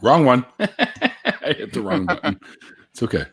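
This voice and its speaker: A man's voice: fairly high pitch, huge pitch swings, moderate pace, a bit bright, husky. A man hosting a casual live stream, chatting and talking a guest through screen sharing. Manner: chatty, guiding guests through tech steps. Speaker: host.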